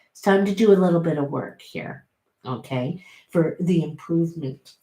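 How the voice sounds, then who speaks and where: A middle-aged woman reads tarot cards in an unhurried, chatty way, coaxing and encouraging her listener. Her voice sits low and mellow, and she now and then bursts out with excitement. The sound carries a roomy echo. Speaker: tarot reader. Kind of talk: casual tarot reading to camera.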